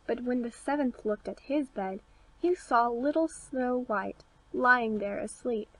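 A woman narrating a fairy tale audiobook with a clear, steady read-aloud delivery. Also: on the high side, measured pace, rough recording. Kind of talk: scripted storybook narration.

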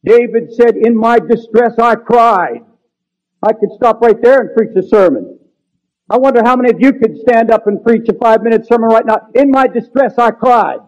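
A man's voice: high-pitched, normal speed, a little mellow. A man preaching a sermon in an earnest, pleading manner that builds to raised, urgent emphasis. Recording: dull lo-fi sermon recording.

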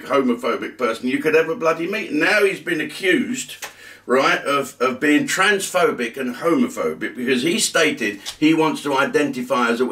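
Brief: male host, exasperated rant, mid-pitched voice, mic set back from him. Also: fairly bright tone, far from the mic. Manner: ranting, exasperated. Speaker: comedy show host.

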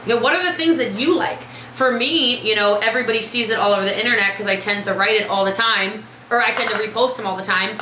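A woman coaching her team on a live video, chatty and lively, calling out viewers by name. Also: mid-range voice, fast, few pauses, roomy sound, a little hiss or hum, low-quality recording. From Texas. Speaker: business coach.

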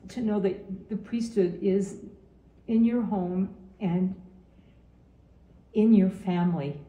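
Earnest older woman, dark and roomy. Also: mid-range voice, steady tone, takes it slowly. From Utah. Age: 70s. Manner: earnest, repeats phrases, testifies of faith. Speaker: grandmother giving a farewell message. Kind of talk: heartfelt recorded farewell message.

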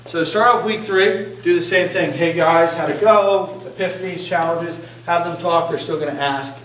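Guy coaching singers, kinda high voice, chatty and jokey, roomy sound from a ways off. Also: normal speed, hardly any pauses, a bit bright, slight background noise. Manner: chatty, joking, asks the group questions. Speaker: singing instructor. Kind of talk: casual workshop teaching. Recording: echoey room, distant mic.

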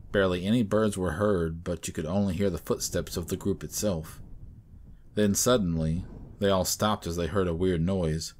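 A man narrating a scripted horror story in a measured, even storytelling manner. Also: sits low, slight background noise.

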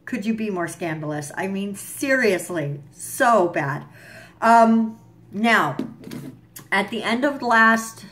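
A woman's voice: mid-range voice, fairly bright tone. A young woman vlogging a casual, profane recap of a TV episode, with fillers and asides. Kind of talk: casual chat.

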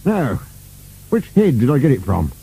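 A man's voice: medium pitch, huge pitch swings, normal speed, gravelly, dark tone, slightly rough, voice pushed up, exaggerated voice, poor audio. A man voicing a small, nervous, bumbling male creature servant who frets and exclaims. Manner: nervous, flustered, exclaims often.

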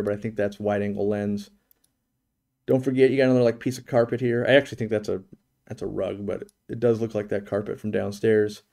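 Guy on a live stream riffing on a house tour, mellow low-key voice, lots of restarts and jokes. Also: creaky. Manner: rambling, joking, thinking aloud with many restarts. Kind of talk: casual commentary on a virtual home tour.

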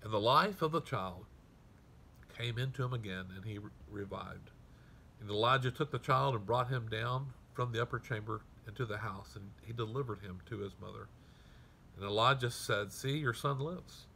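Earnest preaching man, bright tone. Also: on the low side, normal speed, creaky, a little hiss or hum. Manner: expository preaching, reads scripture aloud then explains it; earnest, emphatic, drops to soft tones at grave points. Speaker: pastor. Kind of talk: sermon.

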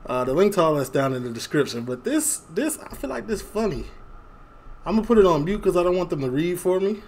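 A chatty young man, a reaction video host from Chicago, talks casually and laughs often as he reads memes out loud. His voice sits a bit higher than most men's. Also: very animated, fast, a little hiss or hum. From Chicago, USA.

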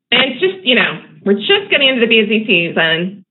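A fairly high, very lively woman's voice hosts a live trading room, excitable and quick to laugh as she talks herself through each move. The sound is thin and phone-like, with a faint hiss behind it. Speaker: day trading show host. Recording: tinny phone-like audio with faint noise.

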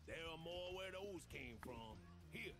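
A man's voice: on the high side, expressive, measured pace. An actor playing a greedy, scheming male cook in a video game, speaking with a Southern accent over the game's music. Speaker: game character.

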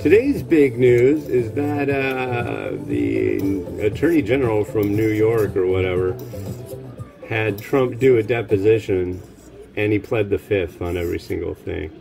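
A man talks through his cooking in an unhurried, drawn-out way, wandering off on wry, offhand tangents. Music plays clearly behind his voice. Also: on the low side, animated. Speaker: cooking show host. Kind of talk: casual chat while cooking. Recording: music playing underneath.

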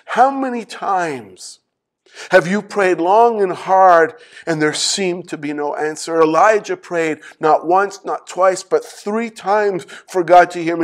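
A man delivers a sermon from the pulpit with a notably high-pitched voice. He retells a scripture passage and turns to the congregation with pointed rhetorical questions. Now and then he pauses to clear his throat. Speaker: pastor.

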